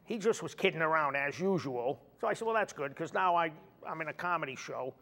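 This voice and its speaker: A man's voice: on the high side, brisk. A man, a comedian guest, telling a story in a casual chat and acting out the quoted dialogue. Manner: animated, acts out quoted dialogue. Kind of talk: anecdotal storytelling. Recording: long reverb.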